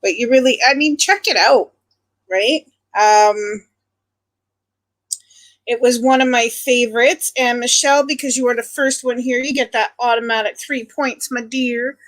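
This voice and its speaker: A woman's voice: fairly high pitch, steady tone, a little slow. A middle-aged woman from Ontario, Canada, hosting a livestream and chatting casually with viewers, greeting them by nickname. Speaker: livestream host. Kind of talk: casual chat with live viewers.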